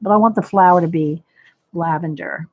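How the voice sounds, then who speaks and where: A woman's voice: on the low side, moderate pace, no echo, phone-quality sound. A woman hosting a casual live coloring tutorial, thinking aloud as she works and greeting viewers by name. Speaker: livestream host demonstrating coloring.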